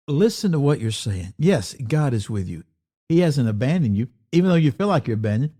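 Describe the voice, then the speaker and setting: Man, devotional teacher, mellow tone, mid pitch, slow scripture reading, emphatic rhetorical questions. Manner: reads scripture slowly, then explains with lively emphatic questions; addresses listeners as folks. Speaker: Bible teacher.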